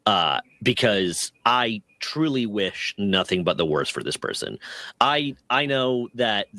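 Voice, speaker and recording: A man with a lowish voice walks through a news story on a casual stream. He sounds earnest and sympathetic as he sums up what happened. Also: expressive, slow pace, pushed and bright, no echo.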